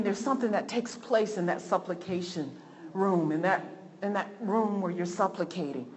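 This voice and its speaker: A woman's voice: a little high, a little mellow. A woman preacher delivering a fervent sermon, repeating phrases for emphasis. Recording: long hall reverb, faint noise.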